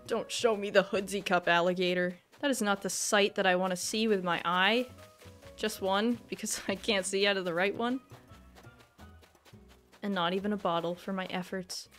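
A woman's voice: medium pitch, fairly bright tone. Chatty woman streamer over faint music. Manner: chatty, reacts to chat, frequent self-deprecating exclamations. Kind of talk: casual live-stream chat while gaming.

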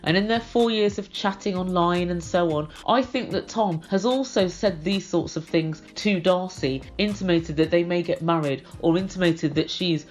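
A woman's voice: lowish voice, normal speed, hardly any pauses. Blunt British woman ranting. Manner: blunt, scathing, exasperated. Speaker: reality TV recap host. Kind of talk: opinionated solo commentary.

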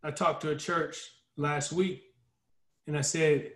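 A fairly high-voiced man gives an earnest talk as a guest speaker. He acts out the voices of others and picks up speed as he gets stirred. His voice echoes around the room. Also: fairly even intonation, slow pace, a bit bright. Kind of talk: impassioned talk on a video call.

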